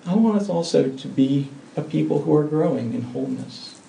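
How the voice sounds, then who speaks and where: A man preaching a sermon in a church, earnest and emphatic, shifting between soft and loud passages. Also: on the high side, lively intonation, moderate pace, vocal fry, slight background noise. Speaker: pastor. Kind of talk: sermon with closing prayer. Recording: roomy sound from a distant mic.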